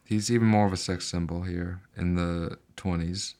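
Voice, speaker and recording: Low-voiced man riffing on movies. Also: normal speed. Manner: joking, animated riffing, swears. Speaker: podcast co-host. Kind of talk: casual movie chat.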